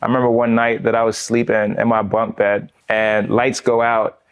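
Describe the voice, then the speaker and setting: A man from the United States telling his own story in a casual interview, animated and quick to laugh, often dropping the word "man" between phrases. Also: on the low side, clear, resonant tone. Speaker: veteran guest.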